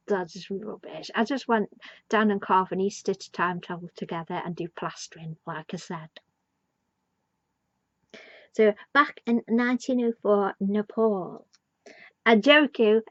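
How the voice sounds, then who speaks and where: A woman's voice: mid-range voice, no echo, muffled recording. A woman giving a casual, rambling, enthusiastic fan review of a TV episode. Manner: rambling, enthusiastic, many fillers. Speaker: TV show reviewer.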